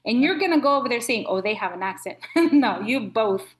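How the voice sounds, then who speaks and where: A woman's voice: a little high, fairly quick. A middle-aged woman from Nicaragua, a podcast guest telling a story in casual conversation and acting out what people said. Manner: animated storyteller acting out quotes.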